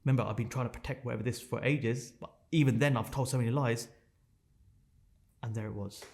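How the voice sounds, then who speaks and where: A man's voice: mid-range voice, steady tone, brisk, creaky, darkish tone. Intense man telling a raw story. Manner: raw, intense, swears often, repeats phrases for emphasis. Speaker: podcast guest. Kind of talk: emotional personal storytelling.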